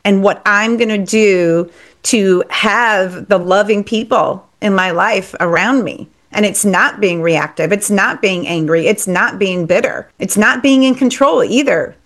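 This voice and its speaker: A woman's voice: mid-range voice, measured pace. A woman speaking as a podcast guest in a candid conversation, earnest and reflective, stressing her points with repetition.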